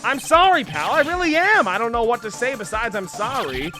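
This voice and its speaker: A man doing a gruff, devoted detective sidekick from a courtroom video game. The voice sits high, booming and eager to please. Game music plays underneath. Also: very animated, fairly quick. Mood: apologetic.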